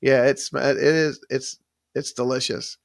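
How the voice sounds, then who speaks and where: A gravelly-voiced man hosting a casual live stream, rambling through his story, often restarting his sentences and thanking chat viewers by name. His voice is recorded close and dry, with little room sound. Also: medium pitch, flat delivery, unhurried, dry recording. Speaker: livestream host.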